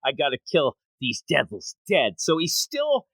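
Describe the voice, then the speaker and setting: A man co-hosting a podcast, chatting casually and acting out quoted lines in quick voices. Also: fairly high pitch, huge pitch swings, creaky, fairly bright tone, breathy edge, dry recording. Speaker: podcast co-host. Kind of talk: casual chat recapping a manga chapter.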